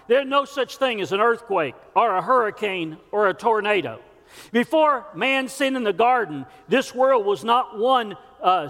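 A man's voice: very high-pitched, fairly bright tone. A male pastor preaching a sermon, earnest and folksy, with scripture and homespun stories. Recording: long church hall reverb.

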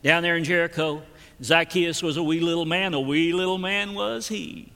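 A man's voice: on the high side, steady tone, normal speed, gravelly, sharp tone, in a large hall. A man preaching a sermon, emphatic and repetitive, with folksy storytelling asides.

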